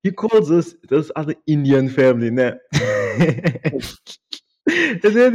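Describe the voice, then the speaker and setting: A young man co-hosting a podcast, an excitable storyteller who laughs often in casual banter. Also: on the high side, slow pace, lo-fi sound. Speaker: podcast co-host.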